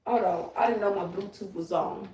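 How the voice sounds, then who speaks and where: A woman's voice: mid-range voice, normal speed, dark tone, distant mic. A woman ranting on a livestream, profane, emphatic and confrontational. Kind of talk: livestream rant. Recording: roomy, away from the mic.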